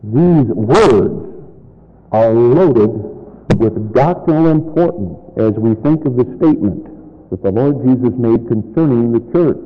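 A man preaching a sermon, stressing key words by drawing them out slowly and asking his congregation questions. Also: medium pitch, animated. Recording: muffled recording in a reverberant hall.

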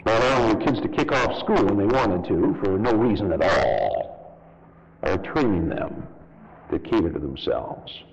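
A man preaching a fervent sermon as pastor, his voice leaping high for emphasis and then dropping low. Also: sing-song, moderate pace, vocal fry, big-room sound, muffled recording. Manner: fervent preaching with sharp rises and drops in pitch. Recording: loud background noise.

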